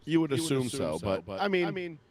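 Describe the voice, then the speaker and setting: A man talks quickly and loosely, full of curses and restarts, slipping into quoted voices as he tells a story. A loud crowd roars behind him. His pitch sits in a middle range. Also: big pitch swings. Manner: rambling, swears often, acts out quoted people. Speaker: podcast co-host. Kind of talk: casual profane chat.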